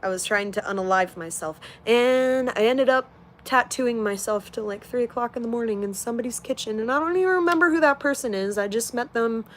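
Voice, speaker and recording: A woman's voice: fairly high pitch, a little fast, slight background noise. A woman in her late twenties chatting casually on a livestream, reading out comments in a blunt, heavily profane way. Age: 20s.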